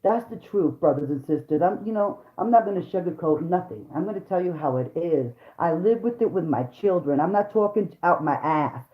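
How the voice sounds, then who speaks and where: A woman's voice: fairly low pitch, lively intonation, moderate pace, few pauses. A woman rants to her viewers in a heated, foul-mouthed stream, repeating her points for emphasis. Her voice carries a roomy echo. The sound is dull and lo-fi. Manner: heated, profane, repetitive, talks straight to viewers. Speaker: vlogger, mother. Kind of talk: angry profane rant to camera.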